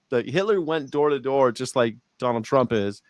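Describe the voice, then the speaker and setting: A man's voice: mid-range voice, animated, a little slow, no echo, clean studio sound. Rambling male livestream host. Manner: rambling, reads viewer comments aloud. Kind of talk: casual political chat.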